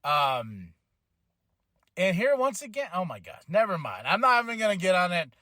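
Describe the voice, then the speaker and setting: An excitable man riffs on his own podcast, voice sitting high for a man. He rambles, trips over his words and restarts, then breaks into laughter or a shouted exclamation. The sound is dry and close, with no room around it. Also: no echo. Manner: excitable, rambling, quick restarts and self-corrections. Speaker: wrestling podcast host. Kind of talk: casual solo podcast chat.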